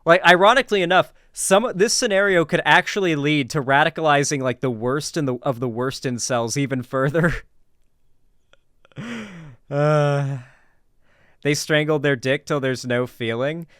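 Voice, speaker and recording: A man's voice: on the high side, moderate pace, a bit bright, clean tone, dry recording, clean studio sound. A man hosting a casual reaction commentary, rambling with lots of filler words and sarcastic asides. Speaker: commentary host.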